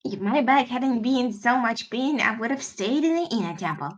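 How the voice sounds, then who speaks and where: A woman's voice: a little high, expressive, moderate pace, highs cut off, a little hiss or hum, lightly acted. A woman doing a chatty old head nun. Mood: recounting. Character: older female head nun, chatty, with a bad back. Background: game music.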